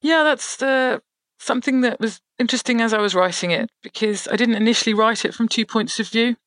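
A man, a novelist, talking through how he wrote his book in a measured, thoughtful way. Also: very high-pitched, fairly bright tone, dry recording. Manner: thoughtful, measured, pauses mid-phrase. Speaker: novelist guest. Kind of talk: interview about his novel.

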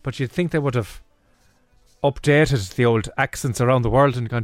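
A man's voice: medium pitch, moderate pace, no room sound, studio quality. Chatty Irish man co-hosting radio. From Ireland. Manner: chatty, jokey, mocking. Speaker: radio co-host. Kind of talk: casual chat.

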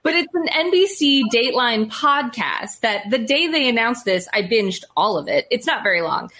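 Chatty woman with a bright, high voice. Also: normal speed. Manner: animated, chatty, acts out quoted voices. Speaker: podcast co-host. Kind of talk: casual chat.

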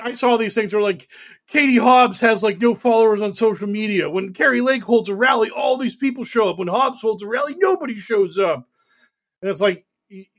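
A man co-hosting a casual political chat, sarcastic and animated, mocking others in put-on voices. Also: high voice. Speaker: podcast co-host.

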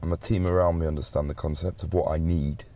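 A young man with a bass voice talks fast as an interview guest, a pop singer chatting casually. He's an animated storyteller who swears freely and acts out quotes loudly.

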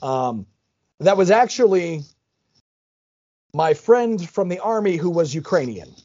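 Animated, husky-voiced male podcaster. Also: sits high, takes it slowly, no room sound, dull audio. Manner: animated, joking, chatty. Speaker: podcast co-host. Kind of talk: casual podcast chat.

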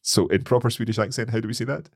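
A man hosting a language lesson podcast, slowly sounding out foreign phrases with hesitant fillers. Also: mid-range voice, husky, no echo, studio quality. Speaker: podcast host and learner.

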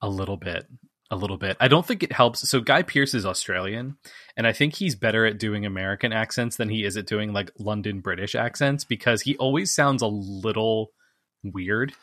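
A man recaps a movie for a podcast in easy, conversational chat, often saying "like". His voice is on the low side yet bright in tone. The sound is dry and close. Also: moderate pace, dry recording. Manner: steady recapping, peppered with "like". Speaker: podcast co-host. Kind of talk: casual film review chat.

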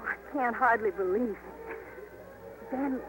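An actress playing a timid young country girl from the swamp, speaking softly and haltingly, in a 1950s radio drama. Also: fairly high pitch, soft background music, rough recording. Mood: shy. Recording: hissy 1950s radio broadcast.

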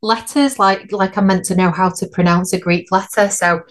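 This British woman co-hosts a podcast, chatting casually at a moderate pace with a steady tone and medium pitch. She laughs at her own slips.

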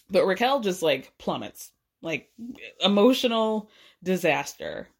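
A woman hosting a podcast, giving a casual, profane, gossipy recap of reality TV with quick asides. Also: medium pitch, very animated. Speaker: podcast host.

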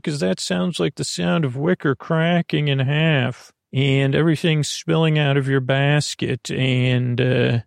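Brief: actor as a chatty scatterbrained fairy, rambling, a touch of fry, dry studio sound. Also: mid-range voice, no echo. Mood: flustered. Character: dreamy scatterbrained fairy herbalist. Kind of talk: audio drama acting.

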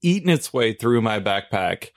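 A man's voice: fairly low pitch, moderate pace, no echo, studio quality. A man co-hosting a podcast, telling a casual story in chat. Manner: relaxed storyteller, jokey asides. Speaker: podcast co-host.

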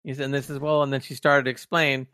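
Male podcast co-host, animated storyteller, mid-pitched voice, dry close-mic sound. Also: fast, dry recording. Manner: animated scene retelling. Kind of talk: casual review chat.

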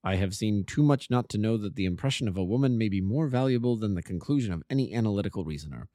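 A man reading the part of a calm, analytical male detective in an audiobook, with a measured, reasoning manner. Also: lowish voice, no room sound, studio quality, natural voice. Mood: probing. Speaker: amateur narrator.

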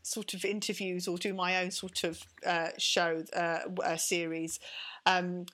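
A woman from London with a London accent, talking quickly and animatedly as a guest in an interview, often restarting and repeating words. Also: on the low side, little pitch movement, a bit bright. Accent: London English. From London, England. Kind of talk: conversational interview.

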